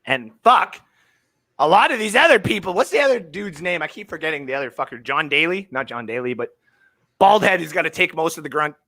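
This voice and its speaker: A Canadian man co-hosting a casual sports podcast, ranting excitedly and swinging from mutters to shouts. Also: on the high side, brisk. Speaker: co-host.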